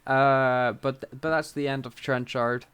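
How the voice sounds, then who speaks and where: Smooth-voiced man recapping an episode. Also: mid-range voice, steady tone, a little slow, fairly bright tone, no room sound. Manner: recaps scenes with wry asides and voices characters. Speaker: podcast co-host. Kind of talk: casual chat.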